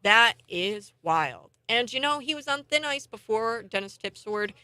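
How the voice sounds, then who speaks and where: A woman's voice: fairly high pitch, unhurried. Heated woman talk radio host. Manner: animated, indignant, laughs scornfully.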